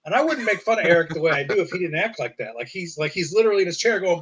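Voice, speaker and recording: Animated, profane man telling a story. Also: very fast, few pauses, husky. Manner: animated storyteller, acts out quotes in a high voice, swears. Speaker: podcast co-host. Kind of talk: casual chat.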